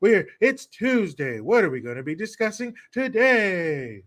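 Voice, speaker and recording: A man's voice: high-pitched, sing-song, a little slow, a bit bright, heavily acted. A man doing an impression of a woman politician, talking in a patronizing, sing-song way as if to schoolchildren.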